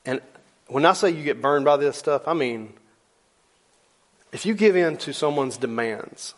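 A middle-aged male pastor preaching a sermon in a church, emphatic and conversational, repeating lines and slowing down low on key words. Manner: rises loud for emphasis, drops low and slow on key words.

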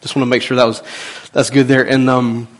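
A man, a pastor giving a folksy, emphatic sermon in church and swinging between loud and soft. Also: mid-range voice, flat delivery, brisk. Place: church sanctuary.

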